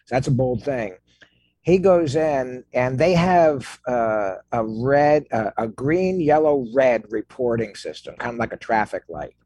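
Male podcast host, slightly husky, dry close mic, gets animated telling anecdotes. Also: mid-range voice, measured pace, no room sound. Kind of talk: interview conversation.

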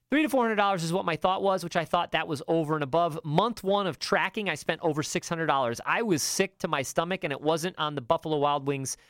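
A man's voice: a little high, a bit bright, no room sound. Middle-aged man, podcast host, emphatic coaching talk, dry close sound. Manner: emphatic, coaching tone with many fillers. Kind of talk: casual advice talk.

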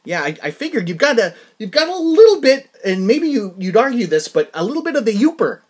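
A man's voice: very high voice, very animated, fairly quick, slightly rough. A man hosting a podcast interview, upbeat and chatty, often repeating his words. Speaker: podcast host. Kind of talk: casual interview.

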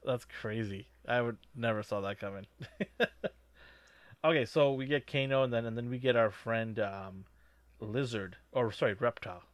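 A man's voice: mid-range voice, moderate pace, dry recording. Male podcast co-host, mid-range voice, loose filler-heavy movie chat, dry recording. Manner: rambling, filler-heavy, animated reactions. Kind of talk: casual movie review chat.

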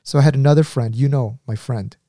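A man telling stories in casual conversation, rambling with many fillers and breaking into quick impressions. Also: medium pitch, warm tone, no room sound, studio quality.

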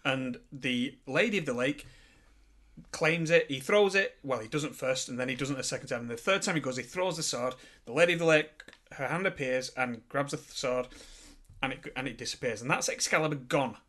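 A man's voice: medium pitch, a little fast, a bit bright. A man co-hosting a casual film review podcast, retelling stories with jokey mock outrage.

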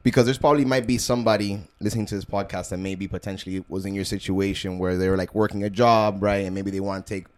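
A man with a fairly low voice co-hosts a podcast, talking quickly and encouragingly. His questions run long and wind around before landing. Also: fairly even intonation. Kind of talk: casual podcast chat.

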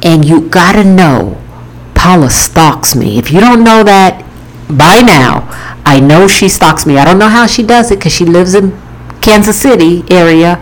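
A woman's voice: on the low side, lively intonation, a little slow, poor audio. A woman author telling an emotional personal story to her viewers, earnest and repetitive as she talks it through. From Florida.

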